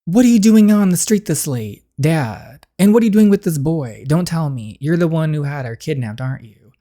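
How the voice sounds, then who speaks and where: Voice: medium pitch, brisk, dark tone, close to an everyday voice. A streamer reading out a stern, controlling politician father who scolds and accuses his daughter, in a story game. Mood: scolding.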